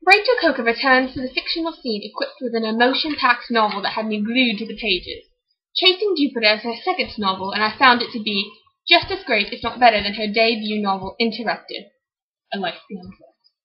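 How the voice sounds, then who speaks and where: A woman's voice: on the high side, animated, brisk, slightly rough, muffled recording. A woman reading a book review aloud in a clumsy put-on British accent, earnest and a bit stiff. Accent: put-on British accent, admittedly poor.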